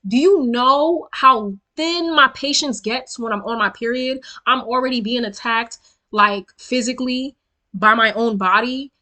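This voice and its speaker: A young woman, telling a storytime vlog in an animated, profane, emphatic way straight to her viewers. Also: fairly high pitch, measured pace. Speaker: storytelling vlogger. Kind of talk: casual storytime rant.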